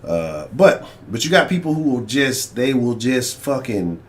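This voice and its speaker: A man's voice: medium pitch, big pitch swings, unhurried. A man hosting a casual sports talk livestream, rambling and swearing as he addresses his chat. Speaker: sports talk show host.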